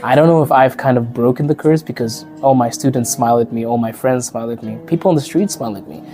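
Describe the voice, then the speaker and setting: Man from Africa, podcast host, casual chat, mellow voice, laughs a lot. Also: medium pitch, quick pace, faint music behind. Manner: chatty, laughs often, acts out quoted people.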